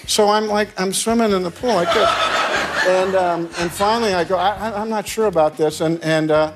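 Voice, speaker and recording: Older American man, chatty anecdotal storyteller, a bit higher-pitched. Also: steady tone, moderate pace, heavy background noise. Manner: rambling storyteller, laughing, restarts. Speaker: actor telling stories on talk shows. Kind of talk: casual anecdotes.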